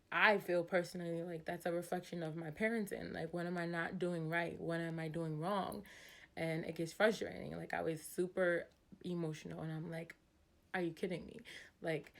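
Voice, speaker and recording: A woman in her thirties talking casually and emotionally about parenting, hesitant and soft, full of "like" fillers. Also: on the low side. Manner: heartfelt, hesitant, many "like" fillers; soft-spoken with sighs. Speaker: mother vlogging about parenting. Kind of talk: casual emotional confessional talk.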